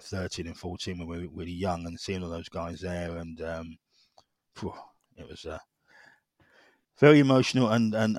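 Deep-voiced man, halting. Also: no echo, clean studio sound. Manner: halting, repeats words, many fillers. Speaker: guest. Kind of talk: personal story in conversation.

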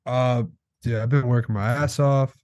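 A young man co-hosting a podcast, laid-back and sarcastic, delivering jokes deadpan. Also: mid-range voice, moderate pace, dry recording. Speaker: podcast co-host. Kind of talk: crude casual banter.

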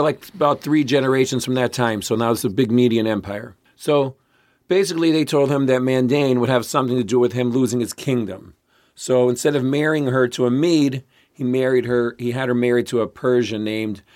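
A man co-hosting a history podcast, talking casually at a middle pitch. He rambles and restarts his sentences as he tells the story, in an easygoing chatty way. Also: brisk, darkish tone. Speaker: podcast co-host.

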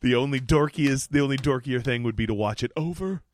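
A man co-hosting a podcast in casual chat, excitable, gasping, laughing and swearing as he talks. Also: mid-range voice, brisk, a little hiss or hum. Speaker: podcast co-host.

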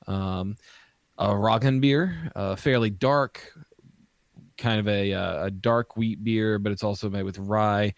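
Man, low voice, hesitant casual podcast host, dry close mic. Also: slow pace, dry recording. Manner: hesitant, many ums and restarts. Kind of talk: casual chat, reading through beer styles.

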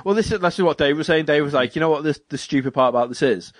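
A man's voice: on the high side, very fast, no echo, studio quality. A young British man co-hosting a podcast, rambling through stories and acting out what people said, with frequent laughs. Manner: rambling storyteller, acts out quotes, laughs often. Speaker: podcast co-host. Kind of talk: casual chat.

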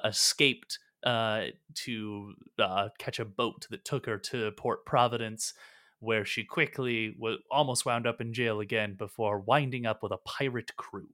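A man running a tabletop game as game master, narrating in a relaxed way with fillers. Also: mid-range voice, a little slow.

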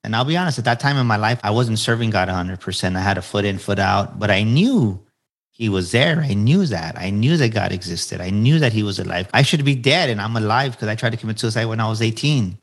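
A man in his forties sits down as a podcast guest, his voice sitting on the low side. He talks earnestly, turns to motivational points, and repeats key phrases so they land. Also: expressive, a little fast. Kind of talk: candid storytelling interview answers.

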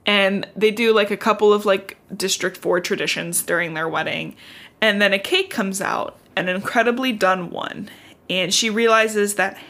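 A woman's voice: mid-range voice, normal speed, fairly bright tone. Young woman podcast cohost, chatty book recap, says like a lot, laughs easy. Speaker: podcast co-host. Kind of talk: casual book-club chat.

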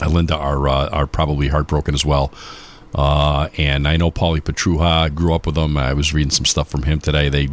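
A man hosting a polka radio show, chatting casually on air and reminiscing with many fillers and restarts. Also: low-pitched.

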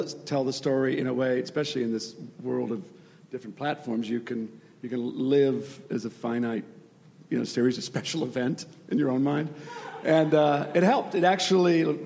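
A man speaking on a panel as a TV show co-creator, thoughtful and halting, with a wry edge. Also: medium pitch, a little mellow. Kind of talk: reflective panel talk. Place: live festival panel in a large hall. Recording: reverberant hall.

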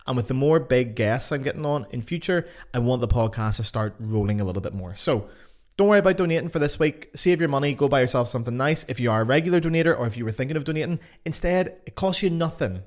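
A young man with a Northern Irish accent, hosting his own podcast in casual, excitable talk that swears freely and jumps about in pitch. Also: quick pace. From Northern Ireland. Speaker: podcast host, flutist. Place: home in Cologne.

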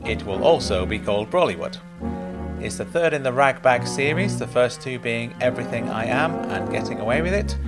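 A man reading his own comic story in the first person, with a dry, deadpan delivery. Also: mid-range voice. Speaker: author and narrator. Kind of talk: first-person audiobook narration.

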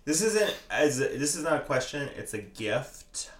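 Speaking in a very deep, unhurried voice, this young woman is a podcast co-host swapping stories in a relaxed conversation. She laughs often and brings quotes to life by acting them out, all captured with a roomy echo.

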